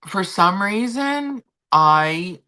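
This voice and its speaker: A woman's voice: mid-range voice, expressive, extremely slow, sharp tone. A woman livestream host, telling a story in a chatty, casual way and swearing now and then. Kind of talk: casual chat with viewers.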